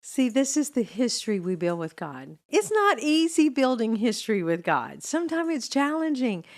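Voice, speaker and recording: A woman's voice: fairly high pitch, very animated, moderate pace. A woman leading an interview at a church, framing the story in an earnest, preacher-like way.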